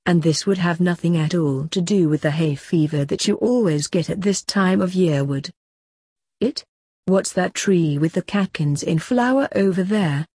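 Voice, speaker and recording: A woman's voice: on the low side, moderate pace, a little mellow, slightly rough, dry recording. A woman voicing a small male piglet who speaks in a dry, mocking, matter-of-fact way. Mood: sardonic.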